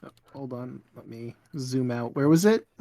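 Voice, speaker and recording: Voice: mid-range voice, moderate pace, warm tone, no room sound, clean studio sound. A tabletop game player, casual and matter-of-fact.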